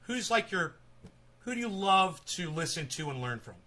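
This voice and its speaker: Chatty, bright-voiced man host. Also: sits high, sing-song, normal speed. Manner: chatty, rambling, opinionated. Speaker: live-stream host. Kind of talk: casual live-stream interview.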